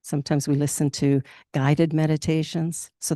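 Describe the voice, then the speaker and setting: A woman's voice: lowish voice, moderate pace, warm tone, dry recording, studio quality. Chatty Canadian woman giving a sermon. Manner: chatty and candid, laughs often, acts out quotes. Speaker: minister. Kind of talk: casual spoken sermon. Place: spiritual centre in Toronto.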